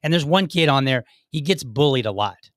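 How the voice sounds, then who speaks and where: A man's voice: medium pitch, expressive, brisk, no echo, studio quality. A man hosting a political podcast, talking casually with frequent restarts and asides. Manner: conversational, many restarts and "like" asides. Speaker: podcast host.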